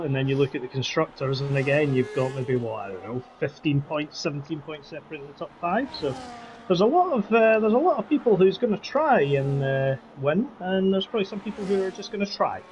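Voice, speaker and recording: A man's voice: a little high, lively intonation, brisk, noisy background. A man co-commentating a sim racing league, chatty and fond of puns and self-deprecating asides.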